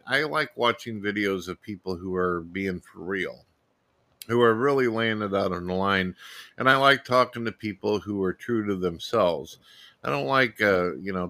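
A man's voice: low-pitched, sharp tone. A man hosting a casual talk show, blunt and plain-spoken as he chats with a guest. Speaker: host. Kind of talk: casual chat.

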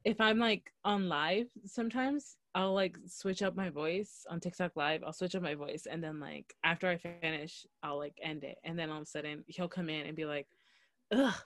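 A woman's voice: fairly low pitch, dry recording. Young woman chatting, dry close sound. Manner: animated, quick storytelling with fillers. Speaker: podcast co-host. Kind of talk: casual chat.

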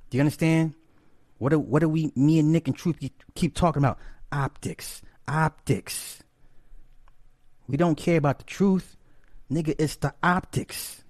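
A man giving casual online commentary in an animated, profane way, repeating lines for emphasis. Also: fairly high pitch, unhurried, pauses often, dry recording, studio quality.

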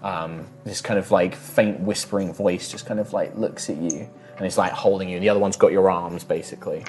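A man narrating as game master of a tabletop game, in a relaxed style full of fillers. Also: low-pitched, brisk, soft background music.

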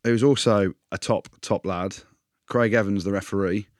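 Chatty man telling lively stories. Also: fairly low pitch, normal speed, dry recording, studio quality. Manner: animated, acts out other people's voices. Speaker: podcast co-host. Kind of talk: casual banter, storytelling.

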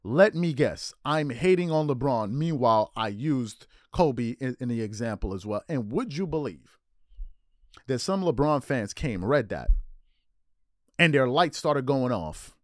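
A man hosting a casual sports podcast, animated and mocking as he riffs. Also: mid-range voice, normal speed, no room sound, studio quality. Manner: animated, mocking impressions of others. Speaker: podcast host.

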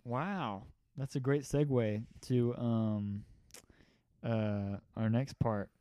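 A man's voice: medium pitch, fairly even intonation, very slow, warm tone, clear, resonant tone, dry recording. A man co-hosting a podcast, chatting in an easygoing, jokey way with many fillers. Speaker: podcast co-host. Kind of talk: casual chat.

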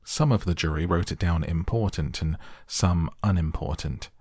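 Man, very deep voice, gravelly, husky, soothing bedtime narration, dry close sound. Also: no echo. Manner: calm, slow, soothing. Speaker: audiobook narrator. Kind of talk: soft bedtime storybook reading.

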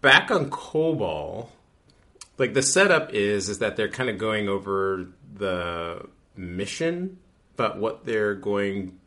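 Man, very low voice, casual podcast recap, rambling with fillers. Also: sing-song, takes it slowly, a bit bright. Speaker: podcast co-host.

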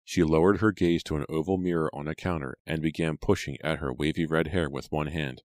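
A man narrating an audiobook in a measured, even storytelling manner. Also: very deep voice, dry recording, clean studio sound. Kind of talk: scripted narration.

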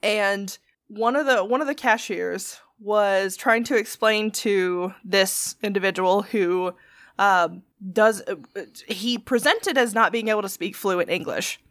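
A woman co-hosting a podcast, telling a story in casual chat, animated and laughing often, swearing freely. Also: mid-range voice, a little slow, dry recording, clean studio sound. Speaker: podcast co-host.

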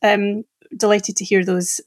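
A woman hosting a podcast interview, asking questions in a relaxed way and laughing easily. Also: medium pitch, measured pace. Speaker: podcast host.

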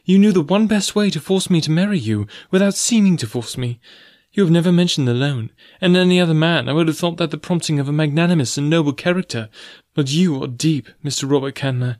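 Guy reading as a proud young woman, cold and formal, a bit higher voice, dry close sound. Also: a little mellow, no echo, close to an everyday voice. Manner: formal, measured and cool.

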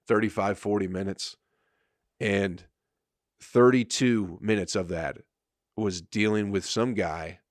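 A man's voice: lowish voice, no room sound, clean studio sound. A man, a comedian and podcast host, telling a rambling, profane story in casual chat with frequent laughter.

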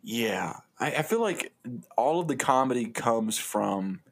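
Young guy on a podcast, lively pitch, laughs a lot, acts out bits. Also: unhurried. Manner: laughs often, acts out characters. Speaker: podcast co-host. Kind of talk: casual brainstorming chat.

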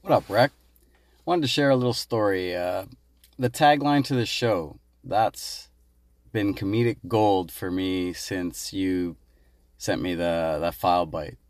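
Man, very low voice, dry close sound, casual animated storytelling. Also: measured pace, dry recording. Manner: animated, laughs while telling. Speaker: caller leaving a voice message.

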